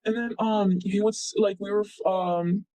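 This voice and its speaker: A man's voice: sits high, fairly even intonation, unhurried, warm tone, poor audio. A young man in his late teens, telling a personal story in a loose, rambling way full of fillers. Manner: rambling, heavy on "like" and "blah blah". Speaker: interviewee. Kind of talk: casual retelling.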